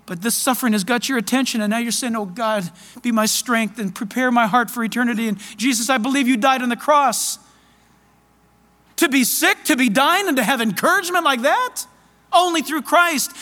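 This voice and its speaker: A man preaching a sermon as pastor, fervent, loud and excited. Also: very high-pitched, long reverb tail.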